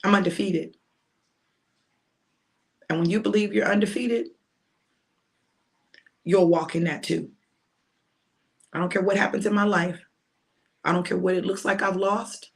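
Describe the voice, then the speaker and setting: A woman's voice: on the low side, fairly even intonation, a little slow, vocal fry, pauses often. A woman minister preaching informally to her viewers, emphatic and repetitive, with colloquial phrasing. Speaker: minister giving a prophetic message.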